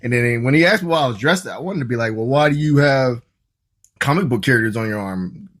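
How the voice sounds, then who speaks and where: Male podcast guest from Ohio, lively pitch, casual storyteller who swears and acts out his reactions. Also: fairly quick. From Ohio, USA.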